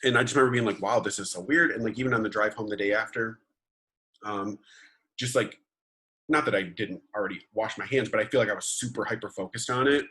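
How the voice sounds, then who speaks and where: A young man co-hosts a podcast, his fairly low voice moving at a quick clip with a bright, forceful sound and a breathy edge. He chats casually and rambles, full of fillers and restarts.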